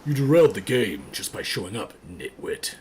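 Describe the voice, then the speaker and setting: A man voicing a gruff, impatient male killer in a dating game, growling out contemptuous insults. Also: on the low side, normal speed, a bit bright, a little hiss or hum, voice pushed down, lightly acted.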